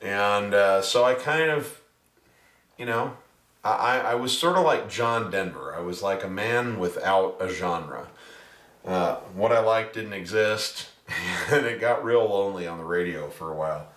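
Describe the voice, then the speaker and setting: A pianist, singer and music teacher talks to viewers in a casual video blog, rambling, poking fun at himself and often restarting sentences. His fairly low, a bit bright voice moves at a measured pace. A distant mic gives a roomy sound, with faint piano music behind him.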